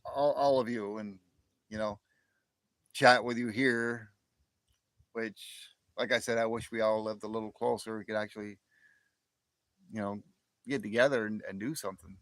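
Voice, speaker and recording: This livestream host, a man in his fifties from northern New York near the Canadian border, rambles through a casual live chat with viewers, often repeating words and chuckling. His voice is on the low side, fairly even in intonation and bright, at a moderate pace with long pauses and no echo.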